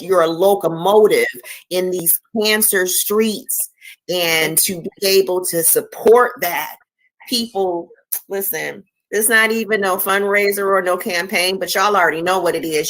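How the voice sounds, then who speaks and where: A woman's voice: lowish voice, a bit bright, low-quality recording. A woman hosting an interview show, speaking with impassioned, preachy energy and casual slang. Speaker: show host. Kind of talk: emotional interview chat.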